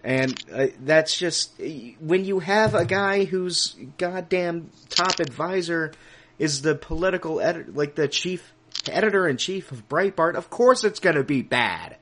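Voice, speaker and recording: A man's voice: on the high side, lively intonation, measured pace, a bit bright, slight background noise. A man co-hosting a podcast in casual political chat, ranting with plenty of swearing, laughing often and tripping over his words. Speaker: podcast co-host.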